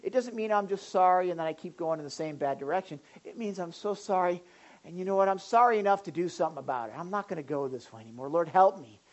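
Lady pastor preaching, lively, slips into little voices of folks in the pews. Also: fairly low pitch, fast talker, highs cut off. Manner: animated, acts out congregants' voices. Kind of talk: sermon.

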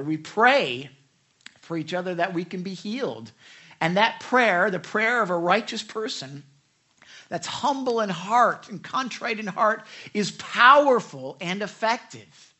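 A middle-aged pastor preaches with a bright, ringing tone and lively swings from booming emphasis to hushed confessions. He talks candidly and pokes fun at himself, keeping the sermon personal and animated. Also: slightly rough. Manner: animated, candid, self-deprecating, swinging loud to soft.

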